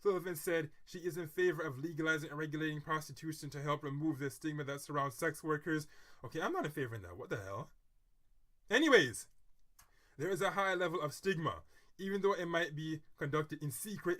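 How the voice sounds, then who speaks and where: A man with a fairly high, bright and forceful voice reads an article aloud on his vlog. He breaks in with dramatic asides and earnest, moralizing commentary. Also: fast talker. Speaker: vlogger. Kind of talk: reading an article aloud, then personal commentary.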